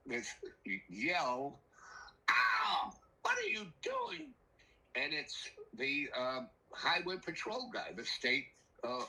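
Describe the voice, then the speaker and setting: An older man telling a rambling personal story in a casual, animated way, acting out the voices of the people in it. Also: fairly high pitch, poor audio. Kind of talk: casual spoken anecdote.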